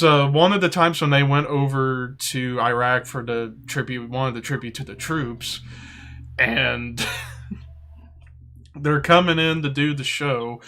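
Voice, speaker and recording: A man co-hosting a podcast, telling stories in a casual chat, animated and often laughing as he acts out voices. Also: mid-range voice. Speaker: podcast co-host.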